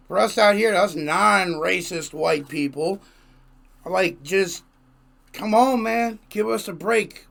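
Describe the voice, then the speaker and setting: A man's voice: sits high, gravelly, a bit bright. A man hosting a music reaction video, talking in casual, emphatic commentary and repeating himself for effect.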